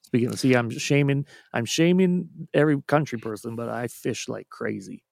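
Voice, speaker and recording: Guy in his 30s, podcast guest: heavy vocal fry, talkative, dry close mic. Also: mid-range voice, normal speed, dry recording. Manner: warm, chatty, laughs often. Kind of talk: casual chat.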